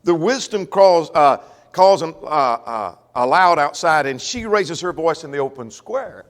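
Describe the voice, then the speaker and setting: A man's voice: on the high side, lively intonation, a little slow. A man teaching a Sunday Bible class in a folksy way, often checking that the class follows. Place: church. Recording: long church reverb.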